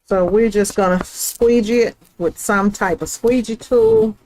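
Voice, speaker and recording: A woman's voice: mid-range voice, measured pace, darkish tone, a little hiss or hum, low-quality recording. A middle-aged woman, hosting a live print-shop stream in a chatty, folksy way and talking straight to her viewers. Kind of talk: casual live craft demonstration.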